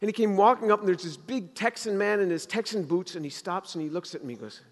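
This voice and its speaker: A man's voice: high-pitched, fast talker. A man preaching a sermon, talking conversationally and building to emphatic exhortation. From Jewish background in the US. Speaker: pastor. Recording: long reverb of a hall.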